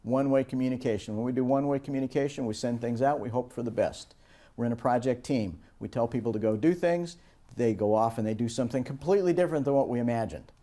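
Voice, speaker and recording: A man teaching a course on project management, giving a lecture and bringing it to life with animated anecdotes. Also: medium pitch, fast talker. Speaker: course instructor. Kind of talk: lecture with storytelling.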